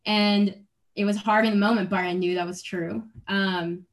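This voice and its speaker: A woman's voice: mid-range voice, fairly even intonation, moderate pace. Young adult woman, interview guest; earnest, rambling delivery, frequent restarts and light laughs. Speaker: athlete guest. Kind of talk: casual interview.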